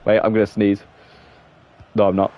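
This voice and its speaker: A man's voice: on the low side, monotone, normal speed. A young man with an English accent chatting casually while playing a football game on a live stream, rambling and reacting to the match. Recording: dull, muffled sound.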